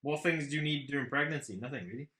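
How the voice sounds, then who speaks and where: A young Welsh man co-hosting a podcast in casual chat, talking fast, joking and swearing. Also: medium pitch, pushed and bright, echoey room. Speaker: podcast co-host.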